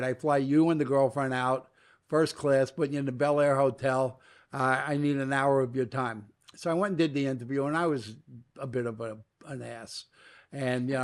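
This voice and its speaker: An older man from New York, a guest in an interview, telling long stories and acting out the dialogue as he goes. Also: mid-range voice. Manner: animated storyteller acting out quoted dialogue. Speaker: guest, media entrepreneur. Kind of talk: storytelling interview.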